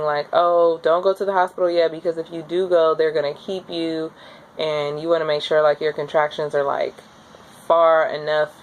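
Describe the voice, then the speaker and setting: A young woman casually telling her own story to the camera, chatty and candid, with lots of fillers and lively acted-out quotes. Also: slight background noise. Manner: acts out quoted voices with high jumps. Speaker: new mother telling her birth story.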